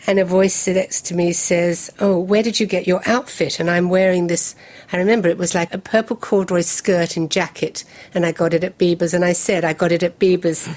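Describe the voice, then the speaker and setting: Brief: older English-born woman, fairly low voice, lively storyteller. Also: brisk. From England. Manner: lively anecdotal storytelling with laughs. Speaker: guest. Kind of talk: storytelling interview.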